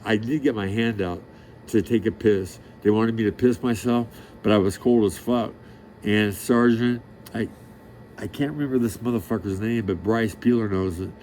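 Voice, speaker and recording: A middle-aged man with a somewhat low voice delivers a rambling monologue straight to the listener. He is brash and crude, bragging and peppering his talk with street slang. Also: fairly even intonation, normal speed, darkish tone, slight background noise. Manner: profane, boastful, streetwise; rambling, loses track of the story. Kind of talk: rambling direct-to-camera monologue.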